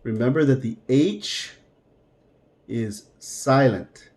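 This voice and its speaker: A man's voice: mid-range voice, animated, darkish tone. A man teaching a beginner Spanish lesson, patiently drilling verb forms one by one. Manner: patient, drills words slowly. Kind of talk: classroom-style language lesson.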